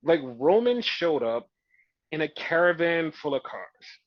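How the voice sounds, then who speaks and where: Guy rambling excitedly on a podcast, kinda high voice, dry dull mic. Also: a little slow, dry recording. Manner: excited, rambling with many "like" fillers. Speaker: podcast host. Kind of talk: casual wrestling recap chat. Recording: dull lo-fi sound.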